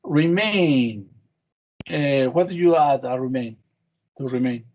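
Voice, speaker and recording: A man's voice: medium pitch, normal speed, warm tone, dull audio. A man teaching an English class, quizzing students on spelling with short, patient prompts. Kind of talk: online class drilling spelling.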